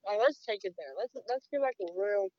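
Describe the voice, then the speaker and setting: A woman co-hosting a casual chat, answering in blunt, short, deadpan lines. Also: mid-range voice, fairly quick, dry recording, highs cut off. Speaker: podcast co-host.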